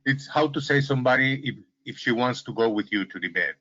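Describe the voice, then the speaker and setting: A man's voice: mid-range voice, lively intonation, fast, pushed and bright. A man from Israel who lived in South America, speaking with a mixed accent as a caller on a video call, friendly and a bit hesitant. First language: Hebrew or Spanish. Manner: friendly, hesitant, laughs easily. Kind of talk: casual video call chat. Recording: dull lo-fi call audio.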